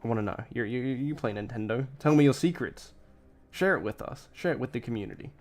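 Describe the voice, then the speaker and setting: A man's voice: medium pitch, expressive, brisk. A tired man streaming and reacting to a clip, rambling and blunt in casual commentary, cursing freely.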